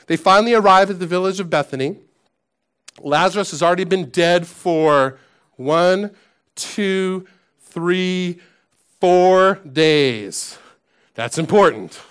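A man's voice: high voice, measured pace, a bit bright, smooth. A male pastor giving a conversational sermon, telling stories, poking fun at himself and asking the congregation questions. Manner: conversational, self-deprecating storyteller.

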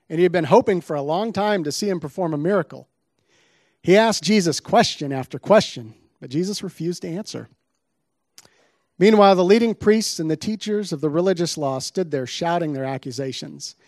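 A man's voice: a little high, expressive, brisk, darkish tone, no echo, studio quality. A man giving a sermon, reading scripture aloud with dramatic emphasis on the quoted lines before explaining the passage. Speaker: preacher.

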